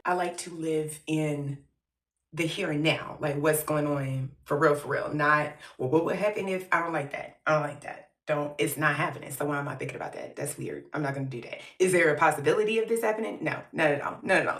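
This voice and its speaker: Blunt, bright-voiced woman in a roomy home. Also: sits low, far from the mic. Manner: blunt, profane, self-mocking, joking through grief. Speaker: vlogger. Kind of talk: candid personal vlog. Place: her home, moving between rooms. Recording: roomy echo, off from the mic.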